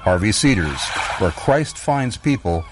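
A man reading a scripted sponsor advertisement for a radio show in a smooth, even announcer delivery. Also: fairly low pitch, a little slow, background noise. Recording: music bed under the voice.

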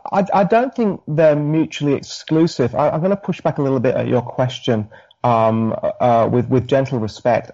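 British minister with a dull lo-fi sound. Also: male voice, mid-range voice, a little mellow. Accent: British, softened by years in Australia. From United Kingdom. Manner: thoughtful, halting, many fillers and restarts. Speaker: Anglican minister, guest. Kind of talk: conversational interview answers.

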